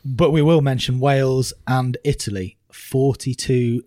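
A man presenting a sports podcast who briskly moves the conversation along. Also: medium pitch, steady tone, warm tone, no echo, studio quality.

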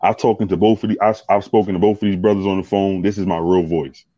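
A man with a very deep voice, joking and laughing loudly in a casual chat. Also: little pitch movement, quick pace, no room sound. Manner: boisterous, laughing banter. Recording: dry, dull lo-fi sound.

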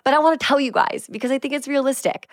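A woman's voice: high-pitched, quick pace, no room sound, clean studio sound. A woman in her twenties hosting her own show, chatting casually and upbeat through business tips, with lots of filler words. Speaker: fitness creator and show host.

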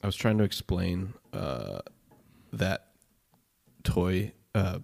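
Male podcast co-host, low voice, relaxed and easygoing conversational delivery. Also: takes it slowly, vocal fry. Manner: laid-back, short replies. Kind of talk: casual chat.

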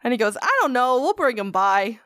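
High-voiced swearing woman podcaster. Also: a little fast, no echo, clean studio sound. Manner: animated storytelling, swears freely. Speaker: podcast co-host. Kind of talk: casual podcast chat.

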